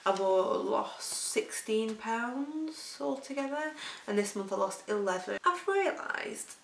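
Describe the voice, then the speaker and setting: Slightly high and creaky, her expressive voice takes its time, over slight background noise in a roomy recording made away from the mic. She is a Lancashire weight-loss vlogger, rambling casually and laughing through her tales.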